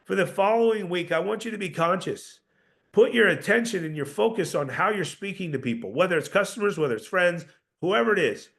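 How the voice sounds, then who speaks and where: A man's voice: high voice, animated, fairly quick, creaky, fairly bright tone. A man coaching door-to-door salespeople, emphatic and confident, often repeating words as he starts a sentence. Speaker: sales trainer.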